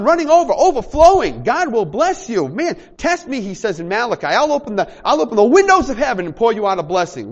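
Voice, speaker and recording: A pastor with an extremely high-pitched voice preaches to a small congregation, animatedly acting out little dialogues and joking with the room. The recording sounds muffled.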